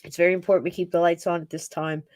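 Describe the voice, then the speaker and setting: A woman's voice: lowish voice, little pitch movement, very fast, a little mellow, no echo, clean studio sound. A woman hosting a podcast, chatting casually in a rambling, affectionate way and laughing often. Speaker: podcast host. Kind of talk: casual chat, talking to her pets on camera.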